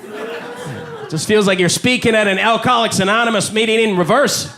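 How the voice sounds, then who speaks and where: On stage at a comedy club, a high-voiced Canadian man swings his pitch widely through a live stand-up routine. He stays wry and talky, doing rapid voices for bits, while the noisy club recording picks up a loud crowd, laughter and room ambience.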